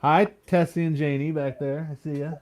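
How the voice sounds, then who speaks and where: A man's voice: a little high, little pitch movement, a little fast, darkish tone. A man hosting a casual online show, easygoing and a little hesitant as he chats and greets guests. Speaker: host.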